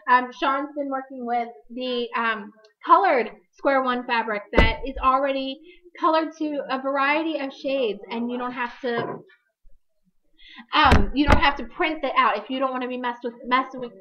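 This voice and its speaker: A woman's voice: high voice, highs cut off. A woman hosting a live crafting demonstration, chatty and upbeat, correcting herself as she goes, her voice a little worn. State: slightly losing her voice. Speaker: crafting demo host.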